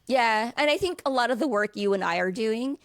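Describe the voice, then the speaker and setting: A woman hosts a relaxed interview, her voice carrying a noticeable gravelly fry. She rambles a little and leans on filler words as she thinks aloud. The sound is dry, with no room echo. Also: fairly high pitch, a little fast. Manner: rambling, many fillers like 'like'. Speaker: podcast host. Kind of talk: casual interview chat.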